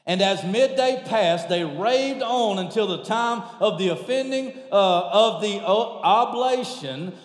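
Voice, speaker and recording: A man preaching a sermon, shifting from shouted bursts to hushed, low lines. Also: slow, few pauses. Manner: animated, shouting at peaks then dropping very low. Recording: echoey hall.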